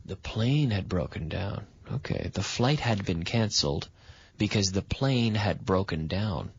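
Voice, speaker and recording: A man hosting a radio English lesson, patiently quizzing a student and stressing words with lively intonation. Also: sits low, a little slow, gravelly, husky, no echo. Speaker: English teacher and radio host. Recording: dull, lo-fi sound.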